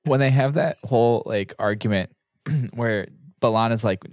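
A man's voice: fairly low pitch, steady tone, normal speed, a little mellow, no room sound, studio quality. A man co-hosting a podcast in casual chat, rambling and hesitant as he retells scenes. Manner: rambling, hesitant, many fillers. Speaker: podcast co-host.

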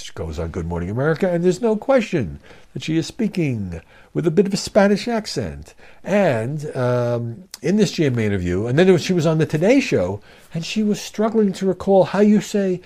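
Lively-voiced man hosting a media podcast. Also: a little high. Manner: wry, skeptical, with frequent fillers; reads a quoted statement aloud. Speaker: podcast host. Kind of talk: casual media commentary monologue.

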